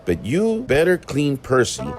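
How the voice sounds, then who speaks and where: A man voicing a brisk, bossy middle-aged railway signalman in a storybook tale. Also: mid-range voice, wildly swooping pitch, voice pushed up. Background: background music.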